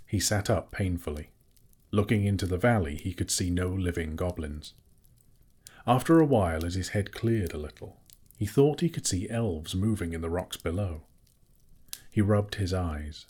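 A man narrating a fantasy audiobook in a measured, steady storytelling manner. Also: low-pitched, husky.

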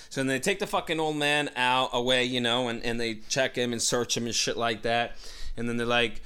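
A man's voice: medium pitch, animated, fast, a bit bright, clear, resonant tone. A man telling a long story in casual chat, swearing a lot and acting out the voices of the people in it. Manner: profane, rambling, acts out voices.

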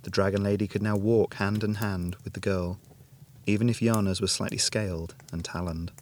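A man reading a fantasy story aloud as narrator, in a steady, measured way. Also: on the low side, slight background noise. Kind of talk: scripted narration.

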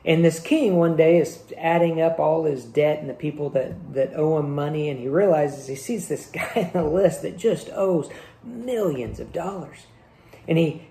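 Male pastor, conversational sermon delivery; gravelly tone, roomy church-hall sound. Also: on the high side, dark tone. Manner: conversational preaching with rhetorical questions. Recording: echoey room.

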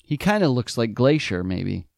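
A man's voice: medium pitch, sing-song, normal speed, gravelly, no echo, studio quality. A man riffing on a movie with sarcastic, wisecracking asides. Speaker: movie riffer. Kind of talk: riffing commentary over a movie.

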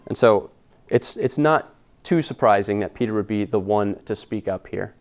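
Speaking at a moderate pace in a fairly low voice, this pastor delivers an expository sermon. He stays earnest and conversational, putting scripture into casual, slangy everyday language.

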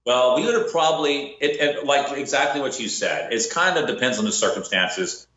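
Storytelling man in an echoey room. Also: moderate pace. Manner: animated, acts out quotes with rising pitch. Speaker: bounty hunter telling a story. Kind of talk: casual podcast storytelling. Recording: echoey room, dull lo-fi sound.

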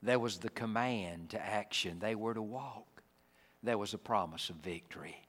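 A man preaching a sermon. He acts out the people in the story and swings between booming lines and hushed ones. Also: moderate pace, long reverb tail. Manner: dramatic, acts out the Bible figures, swings from loud to hushed.

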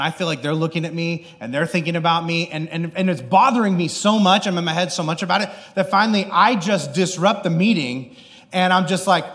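A man preaching a sermon through an animated, self-deprecating personal story, acting out the people in it. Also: fairly high pitch, a little fast, big-room sound.

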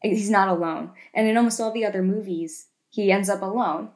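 A woman co-hosting a casual podcast, retelling film scenes in an animated way and tagging lots of questions. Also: mid-range voice, a little fast. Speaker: podcast co-host.

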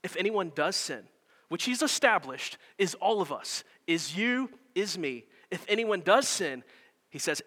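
A man preaching a sermon as pastor, telling a story in an animated way, with emphatic build-ups and quick self-corrections. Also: high voice, in a large hall.

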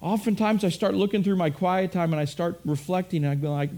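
A man's voice: sits high, fairly even intonation, a little fast, few pauses, dark tone. A middle-aged man preaching a sermon in a conversational way, repeating phrases and acting out quotes. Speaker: pastor.

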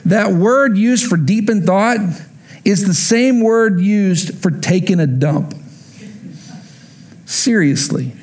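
A man preaching a sermon in a church, animated and playful, acting out scenes in voices and throwing in humorous asides. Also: high-pitched. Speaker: pastor.

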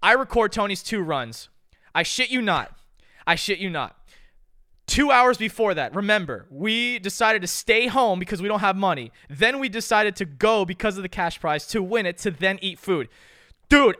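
A young man telling a story on a podcast, casual and animated, with loose slang and swearing. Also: high-pitched, normal speed, no echo, clean studio sound. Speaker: podcast co-host.

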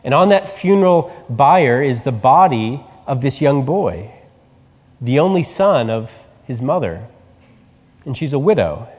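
Lively preaching man in a hall. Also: medium pitch, unhurried. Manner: conversational preaching, animated retelling. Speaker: pastor. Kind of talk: sermon.

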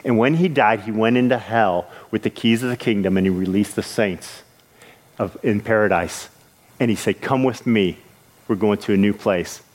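A man preaching a sermon in an earnest way, with halting restarts, his voice rising when he retells scripture scenes. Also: fairly low pitch, darkish tone.

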